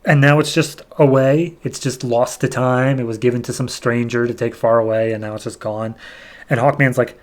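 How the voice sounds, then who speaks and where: A man's voice: medium pitch, fairly even intonation. A man hosting a podcast, casually recapping comic book issues, rambling and briefly acting out characters' lines. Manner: rambling, retells scenes with quick quoted character voices. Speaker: podcast host.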